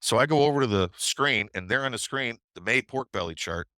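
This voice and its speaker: A man's voice: mid-range voice, animated, brisk, bright, forceful tone, no echo. A middle-aged man who teaches trading, telling a story on a webinar in a chatty way with tag questions. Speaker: trading educator.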